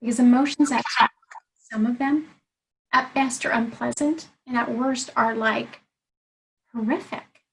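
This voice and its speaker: A woman's voice: a little high, unhurried, creaky, long pauses, a little hiss or hum, poor audio. A woman life coach in an interview conversation, explaining her approach earnestly and laying out her points one by one.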